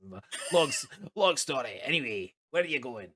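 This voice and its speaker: A man voicing a drunk, excitable male halfling sailor who shouts and rambles. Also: mid-range voice, measured pace, vocal fry, full character voice. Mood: rambling.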